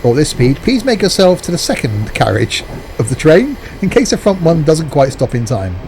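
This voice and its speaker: A man's voice: a little high, big pitch swings, moderate pace, darkish tone, slight background noise. A man doing a mock train guard announcement. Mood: mock formal.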